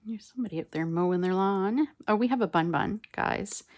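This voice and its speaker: A woman chatting casually while she makes a collage at home, rambling and muttering softly to herself as she works, recorded on a phone on a mount. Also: medium pitch, brisk. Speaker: collage artist. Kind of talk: casual crafting chat. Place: home craft table, indoors.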